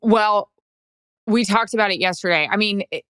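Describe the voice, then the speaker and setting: A woman co-hosting a podcast, chatting about sports in an animated, gossipy way. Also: medium pitch, normal speed, clean tone, dry recording, studio quality. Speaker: podcast co-host. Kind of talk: casual sports chat.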